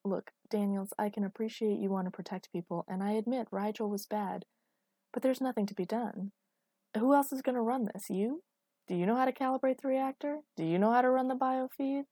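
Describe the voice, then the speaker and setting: A woman's voice: on the high side, fairly quick, mellow, no echo, studio quality, pitched above the performer's own voice, natural voice. Woman reading as an overwhelmed male major. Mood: pressing. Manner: pleading, anxious questions. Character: stressed male military commander, out of his depth.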